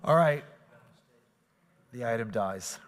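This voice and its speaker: Man chairing a meeting, halting repeats. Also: medium pitch, lively intonation, long reverb tail, background noise. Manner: halting, repeats himself, informal. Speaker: mayor chairing a city meeting. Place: city commission chambers.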